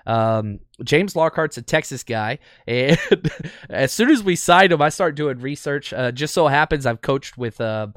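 A man's voice: medium pitch, clear, resonant tone, dry recording, studio quality. Chatty man hosting a sports podcast. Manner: chatty, enthusiastic, frequent fillers. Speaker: podcast host. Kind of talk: casual sports podcast talk.

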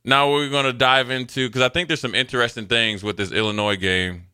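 A man on a sports talk show spins loose, chatty stories from his playing days. His voice is bright and forceful at a middle pitch, and he jumps into the voices of coaches and teammates as he tells it. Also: a little fast, clean tone. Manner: animated storyteller, acts out quotes, loose and chatty. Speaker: sports radio co-host, former NFL player. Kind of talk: casual sports talk storytelling.

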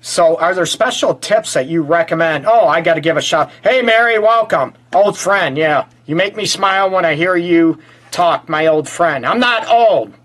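A man's voice: on the high side, lively intonation, normal speed, a bit bright. A male relationship counselor hosting a live show, joking and teasing his guests, poking fun at himself. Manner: playful, teasing, self-mocking. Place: home in Metro Detroit.

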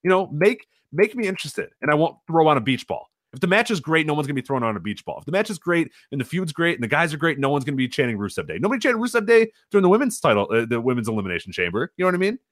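A man's voice: fairly high pitch, sing-song, rapid-fire, few pauses, fairly bright tone, no room sound, studio quality. A man co-hosting a wrestling podcast, ranting casually and profanely, slipping into mocking quoted voices. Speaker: podcast co-host. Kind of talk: casual wrestling review chat.

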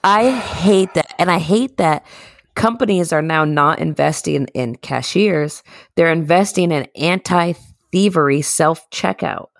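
A man with a gravelly, fry-edged voice, joking his way through a casual podcast chat. He keeps it laid-back and laughs a lot. The sound is dry, close and unechoing. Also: a little high, measured pace, no room sound. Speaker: podcast co-host.

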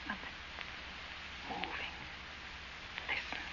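An actress playing a frightened young woman camping at night, speaking in a hushed, uneasy, tentative way in 1940s radio acting style. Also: slow, natural voice. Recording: dull, noisy old radio recording.

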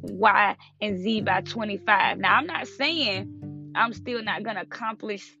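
A woman in her twenties hosts her own podcast in an earnest, motivational monologue, stacking up repeated affirmations and swearing casually. Her voice has a gravelly, fry-edged texture. The recording sounds dull and lo-fi, with music playing clearly underneath. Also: mid-range voice, unhurried. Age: 20s. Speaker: podcast host.

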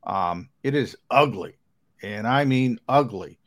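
A man's voice: mid-range voice, animated, slow. A man co-hosting a casual sports talk show, rambling and emphatic with lots of fillers.

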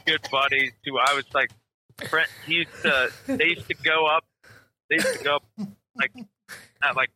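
A man's voice: on the high side, sharp tone, rough recording. A young man in casual, crude banter with friends, swearing, laughing and rambling through stories.

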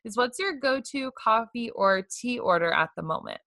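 A young woman hosting a podcast interview, upbeat and quick to laugh. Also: on the high side, animated, sharp tone, dry recording. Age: young adult. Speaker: podcast host. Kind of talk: casual interview chat.

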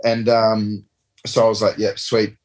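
In an interview, a professional rugby player in his thirties tells a rambling, laid-back story with casual swearing. His voice is on the low side, a little mellow, unhurried and completely flat.

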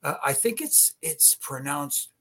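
A man's voice: fairly high pitch, very animated, a little slow, sharp tone. A man from Canada co-hosting a podcast, chatting in an easygoing, hedging way. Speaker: podcast co-host. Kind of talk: casual podcast chat.

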